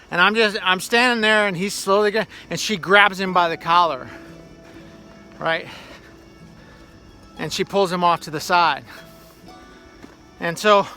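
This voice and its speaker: A man with a high, bright voice vlogs as he hikes outdoors. He talks into a handheld camera, a little winded, and tells his stories in a chatty, animated way. Faint music sits under him. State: slightly out of breath. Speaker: hiker vlogger. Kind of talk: casual vlog talk while hiking. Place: outdoors on a mountain trail.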